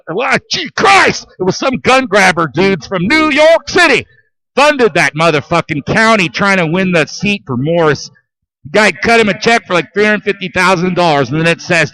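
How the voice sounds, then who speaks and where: A man hosting a call-in talk radio show, ranting in a profane, heated way and shouting at times. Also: a little high, low-quality recording.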